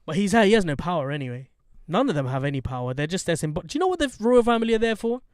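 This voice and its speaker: A man's voice: sits high, very animated, very fast, clear, resonant tone, no echo, clean studio sound. A man hosting a podcast, chatting in a blunt, joking, sweary way with lots of slang. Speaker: podcast host. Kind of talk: casual chat.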